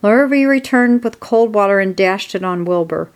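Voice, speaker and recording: A woman narrating a children's storybook aloud in a steady, expressive way. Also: medium pitch, moderate pace.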